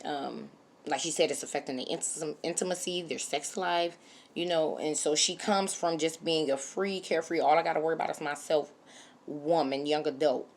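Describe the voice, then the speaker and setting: Woman, low voice, opinionated, animated, casual vlog commentary. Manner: opinionated, animated, speaks straight to viewers. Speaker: reality TV reviewer.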